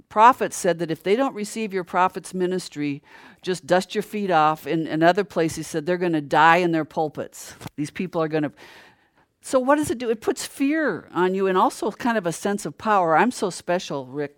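Older preacher, dry close sound, rhetorical questions, heats up as the point builds. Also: no room sound. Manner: asks rhetorical questions and answers them; grows louder and higher when stirred. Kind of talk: sermon.

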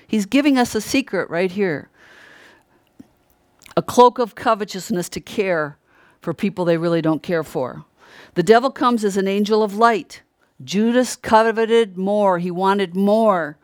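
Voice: mid-range voice, measured pace, clean tone, no room sound, studio quality. A preacher giving an earnest, emphatic Bible teaching, repeating key phrases and often restarting mid-sentence. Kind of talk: sermon-style Bible teaching.

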